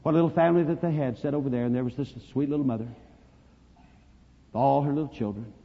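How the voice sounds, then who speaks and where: A man preaching a sermon, telling a story dramatically and swinging from hushed to loud. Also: mid-range voice, fairly quick, creaky. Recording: dull lo-fi recording, long reverb.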